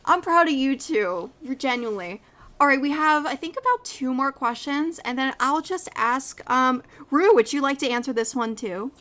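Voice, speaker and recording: A young woman hosting a casual live podcast, effusive and quick to laugh as she asks her guests questions. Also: high-pitched, expressive. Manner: warm, effusive, laughs often. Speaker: podcast host.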